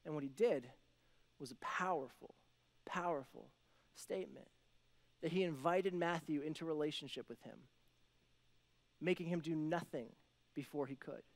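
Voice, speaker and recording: A young pastor with a high, light voice preaches in a loose, chatty way. He keeps checking in with "right?" and slips into quick character voices to act out the story. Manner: conversational, acts out voices of biblical characters, many "like" and "right?". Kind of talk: sermon.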